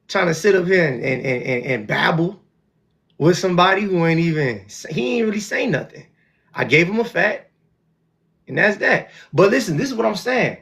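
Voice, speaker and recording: A man hosting a live call-in stream, arguing with callers in an animated way and often repeating and restarting his words. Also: a little high, vocal fry. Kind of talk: casual debate with callers.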